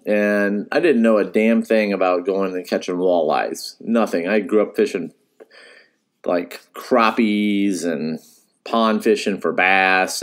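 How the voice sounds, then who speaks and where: A man with a lowish voice tells a long story in a casual, unscripted way. He is emotional and rambling, circling back with restarts and the odd laugh, like a fishing guide talking to his regular listeners. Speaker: fishing guide and podcast host.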